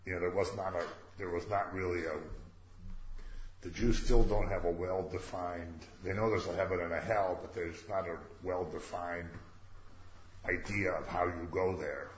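A man with a low voice leads a scripture study, chatting loosely and breaking in with wry jokes and questions. The room is echoey and the sound is dull and lo-fi, with faint noise under it. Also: fairly even intonation, moderate pace. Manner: chatty, joking asides, rhetorical questions. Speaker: Bible study teacher. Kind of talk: informal scripture commentary.

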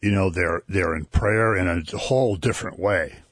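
Male co-host, low husky voice, relaxed conversational storytelling. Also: normal speed, no echo, clean studio sound. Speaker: co-host discussing scripture. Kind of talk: casual Bible discussion.

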